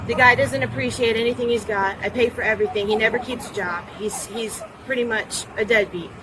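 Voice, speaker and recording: The poor-quality audio comes from an officer's body camera outdoors, with a crowd in the background. A woman with a slightly high voice and fairly even intonation gives a deputy an agitated, repetitive, profane account of a domestic dispute, pushing past interruptions.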